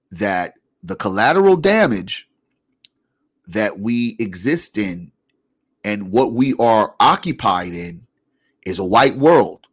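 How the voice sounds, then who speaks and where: Emphatic man arguing a point. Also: husky. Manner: emphatic, rising to high pitch when making a point. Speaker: podcast co-host. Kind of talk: casual chat.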